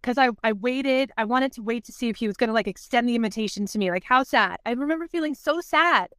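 Speaking fast in a fairly high, slightly bright voice, this podcast guest openly shares her story, saying "like" a lot and performing past quotes. The recording is clean studio sound with no room tone.

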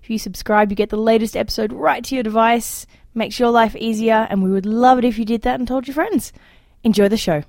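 A woman's voice: a little high, fairly even intonation, brisk, a little mellow. A young adult woman hosting a politics podcast in a casual, chatty, self-deprecating way, laughing often. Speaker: podcast host. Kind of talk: casual panel chat.

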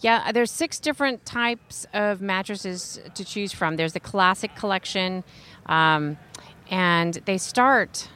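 A woman's voice: mid-range voice, slow pace, bright, forceful tone, smooth. A woman co-hosting a talk radio show, talking casually with lots of fillers. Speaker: radio co-host.

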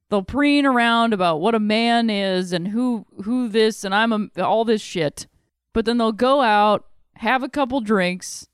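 A woman's voice: on the high side, a little slow, clean tone, dry recording, studio quality. A young adult woman hosting a solo podcast, talking in a rambling, frank way with some swearing, sleepy and yawning. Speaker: podcast host. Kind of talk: casual solo podcast monologue.

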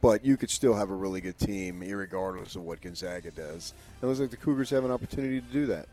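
A man's voice: low-pitched, fast, mellow, soft background music. A man co-hosting a sports talk show, opinionated and rambling as he gives his takes. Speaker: sports radio co-host.

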